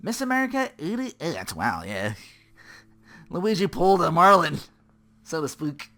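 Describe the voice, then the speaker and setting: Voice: medium pitch, big pitch swings, unhurried, pushed and bright. Chatty laughing cartoon reviewer. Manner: chatty, laughs and riffs along. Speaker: show reviewer. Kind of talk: casual reaction commentary.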